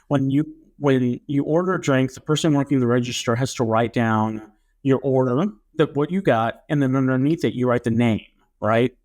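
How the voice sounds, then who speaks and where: A young man co-hosts a podcast, spinning a story in a casual, lively way and acting out what people said. His voice is mid-range and his speed is normal.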